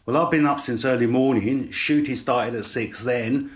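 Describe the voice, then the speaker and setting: Male narrator doing a shy young woman, soft, light touch. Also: medium pitch, moderate pace, close to an everyday voice. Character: young woman with slight American accent.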